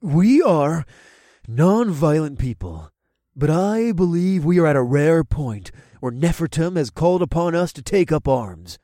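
A man voicing a kindly old father, soft-spoken, courtly and measured, in an audiobook. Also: on the high side, very animated, dry recording, studio quality. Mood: solemn. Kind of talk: audiobook character voice.

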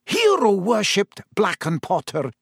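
A man's voice: high-pitched, wildly swooping pitch, measured pace, creaky, husky, no echo, clean studio sound, pitched above the performer's own voice, exaggerated voice. A man voicing a stern older female professor in a storybook reading, with clipped, proper speech. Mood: regretful.

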